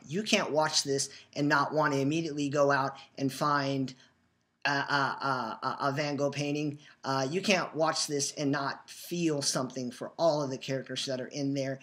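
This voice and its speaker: A man's voice: a little high, a bit bright. Earnest rambling young man. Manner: rambling, restarts often, earnest. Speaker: fan show host. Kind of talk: casual fan commentary. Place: new home, just moved in.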